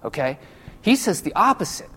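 A man preaching a sermon in a loose, conversational way, full of jokey asides and quick acted-out voices for the people in his stories. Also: high voice, sing-song, a bit bright, husky. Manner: casual, jokey asides, acts out quoted voices. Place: church sanctuary. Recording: long church-hall reverb.

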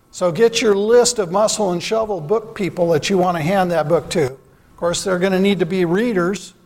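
Earnest church speaker, man, high voice, asks his flock pointed questions. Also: a little mellow, in a large hall. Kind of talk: sermon.

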